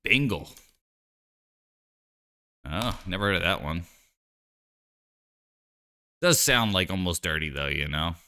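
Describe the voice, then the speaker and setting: A man's voice: sits low, lively intonation, takes it slowly, pauses often, pushed and bright, smooth. A man streaming live, chatting casually and joking while he plays a card game, rambling with lots of "like" and "you know".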